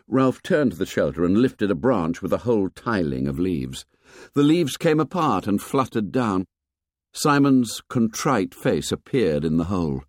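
A man narrating a novel in a fairly low voice. His reading is measured yet lively in intonation, moving expressively through the scenes. The recording is dry and close to the mic. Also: dry recording. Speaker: audiobook narrator. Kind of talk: scripted narration.

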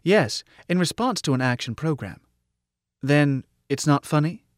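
A man voicing a male lunar master computer, childlike yet wise, in an audiobook, speaking in a measured, deliberate, intoning way. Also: on the high side, animated, no room sound, clean studio sound, pitched above the performer's own voice. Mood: matter-of-fact. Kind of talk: audiobook character voice.

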